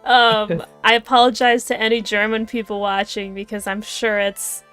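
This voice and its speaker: A woman's voice: mid-range voice, little pitch movement, moderate pace, fairly bright tone, clean tone, faint music behind. A woman streamer chatting casually and laughing as she apologizes in advance. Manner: giggly, apologetic. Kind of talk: casual chat on a game livestream.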